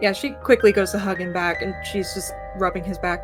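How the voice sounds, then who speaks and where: A woman playing a tabletop game, excitable and quick to laugh. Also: medium pitch, music in the background. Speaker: player.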